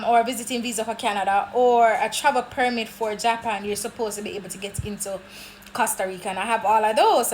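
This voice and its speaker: High-voiced chatty Jamaican woman vlogger. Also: slight background noise. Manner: chatty, animated storyteller. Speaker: travel vlogger. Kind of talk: casual travel vlog chat.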